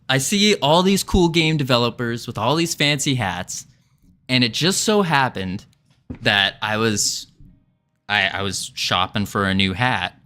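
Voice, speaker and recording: Game dev guy hamming up a put-on southern accent, real bouncy, bright punchy voice, laughs a bunch. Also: medium pitch. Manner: put-on Southern US drawl, jokey; laughs often, playful. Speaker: indie game developer streaming. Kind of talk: casual livestream game demo.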